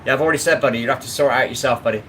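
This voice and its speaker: A man's voice: mid-range voice, rapid-fire, fairly bright tone, a little hiss or hum, low-quality recording. A man chatting bluntly with his live chat while washing up, often asking if you know what he means. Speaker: live streamer. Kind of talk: casual live-stream chat.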